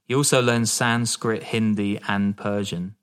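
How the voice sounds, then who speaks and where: A man with a fairly low voice tells a story on a podcast in a loose, joking chat. He laughs often and keeps it casual. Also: steady tone, measured pace, smooth. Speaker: podcast host telling the story.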